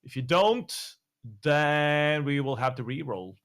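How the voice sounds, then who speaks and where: A man's voice: fairly high pitch, lively intonation, takes it slowly. A man whose first language is not English, casting an esports livestream with playful, joking banter. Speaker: esports caster.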